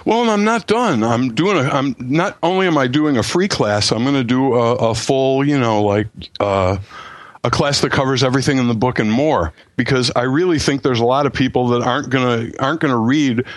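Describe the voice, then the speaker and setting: A man's voice: mid-range voice, a little fast, no room sound. A man talking as a guest author on a podcast, enthusiastic and full of stammering restarts. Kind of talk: casual podcast chat.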